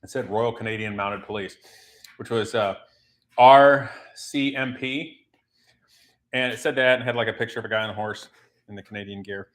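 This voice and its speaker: A man's voice: on the low side, steady tone, normal speed, long pauses, fairly bright tone. A man hosting a casual livestream from his home garage, rambling and joking while he works and reads the chat aloud. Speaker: livestream host.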